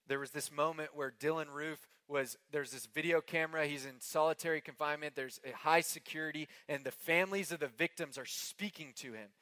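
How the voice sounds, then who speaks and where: A man preaching a sermon as pastor, earnest and emphatic, repeating phrases and moving between hushed and impassioned delivery. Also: a little high, fairly quick, hardly any pauses, dry recording.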